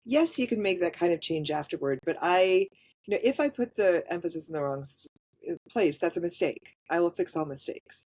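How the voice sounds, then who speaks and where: Guest voice actor, woman, lower register, direct and practical, casual interview tone. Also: animated, a little fast, darkish tone. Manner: frank, matter-of-fact about her work.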